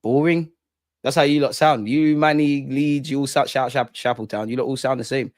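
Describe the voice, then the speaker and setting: A man's voice: medium pitch, steady tone, brisk, dry recording, clean studio sound. Slangy young London man chatting. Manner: slangy, chatty, laughs a lot. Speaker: livestream host. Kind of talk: casual live chat reading viewer comments.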